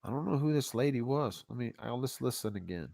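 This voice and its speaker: A man hosts a livestream in a loose, easygoing way, dropping casual slang and thinking out loud. His voice sits at an ordinary pitch. The sound is dry and close. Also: expressive, fairly quick, vocal fry, dry recording. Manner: rambling, laid-back, talks to himself while browsing; casual slang, says y'all. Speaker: YouTube channel host.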